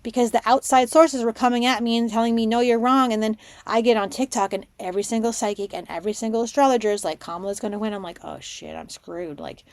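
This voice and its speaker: A woman hosting a spiritual podcast, telling stories in an excitable, rambling way and dropping to a hush for her inner thoughts. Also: a little high, fast talker, few pauses, no echo. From Canada. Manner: excitable storytelling, drops to a hushed voice for her own thoughts. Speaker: podcast host, spiritual mentor. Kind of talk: casual monologue podcast.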